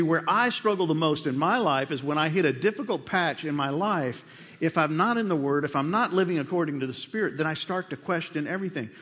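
A male pastor preaching a conversational sermon in a church, asking the congregation questions as he goes. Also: fairly high pitch. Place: church sanctuary. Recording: dull sound with long hall reverb.

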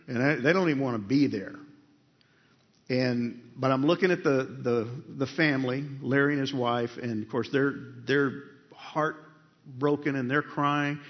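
A male pastor preaching a conversational sermon in a church, asking the congregation questions as he goes. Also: mid-range voice. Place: church sanctuary. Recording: dull sound with long hall reverb.

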